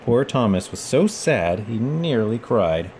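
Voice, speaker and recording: A man reading a children's picture book aloud in a gentle, measured storytelling manner. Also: mid-range voice, big pitch swings, a little hiss or hum.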